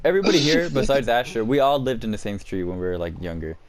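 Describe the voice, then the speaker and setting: A man's voice: medium pitch, animated, quick pace, slight background noise. A young man hosting a podcast, telling stories in casual chat and acting out his friends' lines. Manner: laughing storyteller, acts out friends' lines. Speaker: podcast host.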